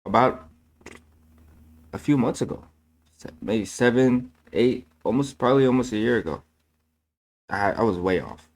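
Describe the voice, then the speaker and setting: Earnest and a bit preachy, a channel host discusses his faith casually, repeating points and catching his own mistakes along the way. His man's voice sits at medium pitch, moving at a moderate pace with long pauses, and he uses fillers like "man."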